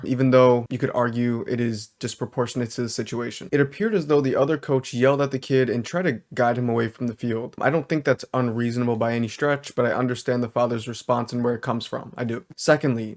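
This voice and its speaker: A male social worker narrates his reaction to a video in a measured, explanatory way. He hedges his points carefully, in an ordinary mid-pitched voice.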